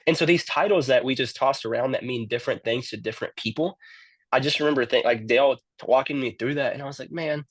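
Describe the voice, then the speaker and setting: A man's voice: medium pitch, fast, breathy edge, dry recording. A man who works in youth ministry, telling his story in a casual interview and often repeating words as he starts a sentence.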